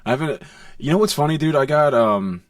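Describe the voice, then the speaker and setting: A man from South Jersey hosting a podcast, telling crude stories in casual comedy chat with animated voices. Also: a little high, fairly quick, no echo, clean studio sound, distant mic. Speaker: podcast host.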